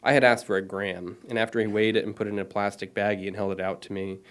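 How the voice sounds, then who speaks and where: A man's voice: lowish voice, fast. A man in his thirties, an author, reading his own short story aloud at a lecture, with apologetic asides. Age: 30s. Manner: self-deprecating, apologetic asides between steady reading.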